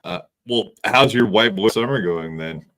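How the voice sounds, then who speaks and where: A man's voice: on the low side, unhurried, a bit bright. A man from Northern California hosting a podcast, talking loosely and rambling with lots of fillers. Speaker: podcast host. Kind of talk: casual podcast banter.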